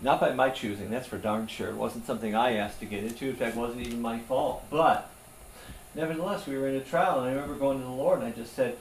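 A man's voice: medium pitch, quick pace. A male pastor preaching a sermon in an earnest, conversational way. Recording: echoey room, voice from far off, faint hum.

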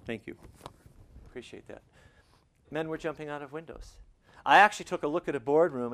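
A man preaching to a congregation, shifting between quiet, intimate stretches and loud, fervent passages, closing in prayer. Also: mid-range voice, a little hiss or hum. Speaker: pastor. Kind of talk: sermon.

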